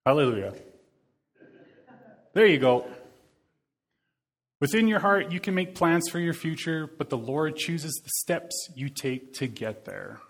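A man's voice: a little high, expressive, a little slow, long pauses. A man in his thirties giving a sermon, talking in an earnest, conversational way and often repeating his phrases. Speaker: preacher.

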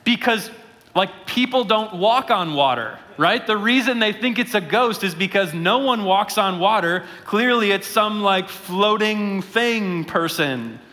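A man preaching in an unhurried, conversational way, often tossing in "right?" His voice sits a little high and bright. It rings with the long reverb of a church hall. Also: lively intonation. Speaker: pastor. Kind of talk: sermon.

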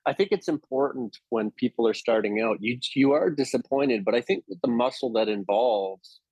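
A male actor telling stories in a casual interview, animated and often restarting his sentences. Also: medium pitch, moderate pace, slightly rough, no room sound, lo-fi sound. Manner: anecdotal, animated, with frequent restarts.

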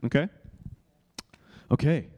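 A man's voice: slow, darkish tone. A man pastor teaching in a sermon style, earnest and confessional, often restarting phrases and checking in with listeners.

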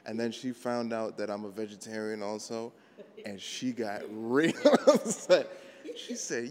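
A man's voice: on the low side, expressive, a little slow, a little mellow. Rambling man telling laughing anecdotes. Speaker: comedian guest. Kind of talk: casual chat.

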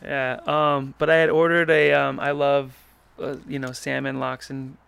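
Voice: medium pitch, flat delivery, normal speed, gravelly, crowd noise. A podcast co-host reminiscing with their partner in a loose, rambling way, full of fillers and playful teasing. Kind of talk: casual chat, reminiscing with partner.

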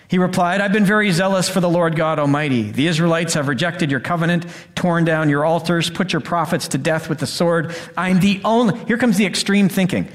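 A middle-aged man preaching a sermon in a church, acting out the quoted voices and swinging between loud lines and hushed ones. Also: fairly high pitch, animated, moderate pace. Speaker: pastor. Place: church sanctuary.

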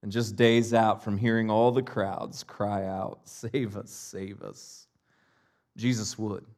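A male pastor preaching a sermon, swinging between loud impassioned cries and hushed, almost whispered lines. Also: fairly low pitch, little pitch movement, slow pace.

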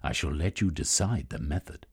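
A man voicing a cold, scheming male villain who bargains with menace, in a husky voice. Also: rumbling low, lively intonation, normal speed, full character voice.

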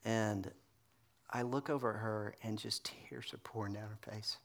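A man's voice: fairly low pitch, steady tone, moderate pace, vocal fry. A middle-aged man preaching a sermon in a church, telling a story in a loose, chatty way with fillers. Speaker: pastor. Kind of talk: conversational sermon.

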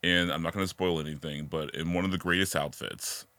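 Bright, low-voiced enthusiastic male host. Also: fairly even intonation, a little fast, no room sound. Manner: enthusiastic, encouraging, laughs along. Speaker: podcast host. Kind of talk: casual interview chat.

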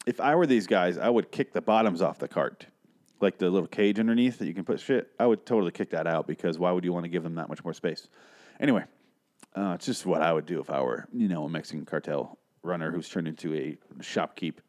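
A man's voice: low-pitched, fast, darkish tone. A man casually recapping a TV episode, rambling with profane, sarcastic asides. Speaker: show recap host.

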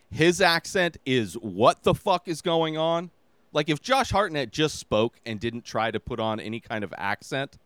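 A man's voice: mid-range voice, a bit bright, smooth, no echo. A man hosting his own podcast, giving a casual movie review in a rambling, exasperated way with lots of filler words. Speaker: podcast host.

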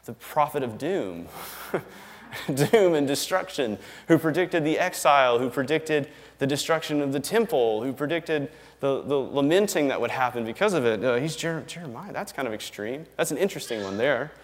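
A man delivers a sermon in a relaxed, conversational manner that builds into firm, emphatic declarations. His voice sits at an ordinary middle pitch for a man. The sound rings out with the long reverb of a large hall. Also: moderate pace. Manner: conversational and emphatic, tags lines with "right?" and chuckles. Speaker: pastor.

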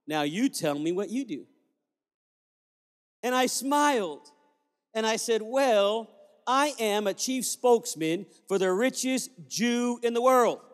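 High-voiced pastor preaching in a hall. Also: male voice, takes it slowly. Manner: animated storyteller acting out dialogue. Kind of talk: sermon storytelling.

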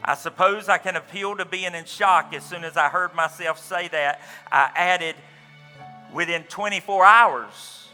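A man's voice: high voice, fairly even intonation, normal speed, hardly any pauses, pushed and bright, big-room sound, soft background music. A man preaching a sermon as pastor, telling a story with quoted dialogue and folksy asides. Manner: storytelling, retelling another man's account with quoted dialogue.

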